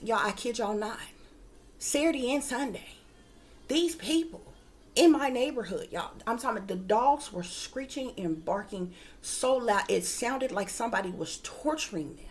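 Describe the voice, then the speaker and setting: A woman working as a psychic reader, telling her viewers a story in casual, emphatic talk, often calling them "y'all" and swearing freely. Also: medium pitch.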